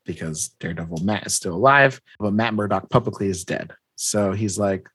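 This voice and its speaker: A man's voice: lowish voice, normal speed, few pauses, a bit bright, husky, dry recording. A man in casual chat, animatedly recapping a comic book plot, acting out the characters' lines and laughing often.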